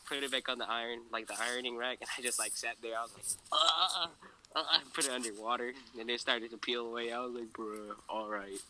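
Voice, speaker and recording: Bright-voiced teen telling a story. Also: male voice, mid-range voice, fast talker, hardly any pauses, slight background noise, low-quality recording. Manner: animated, acts out voices in his stories. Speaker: podcast co-host. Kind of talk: casual chat on a call.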